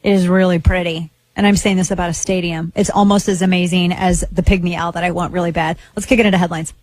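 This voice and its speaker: A woman's voice: fairly low pitch, level tone, fast, darkish tone, dry recording. A woman hosting a talk radio show, chatting casually in a rambling, playful way with lots of asides.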